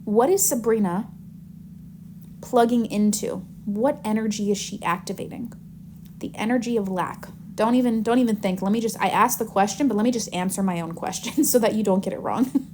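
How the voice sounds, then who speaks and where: A woman manifestation coach teaching in a live Q&A, animated and chatty as she tells stories. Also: mid-range voice, moderate pace, slight background noise.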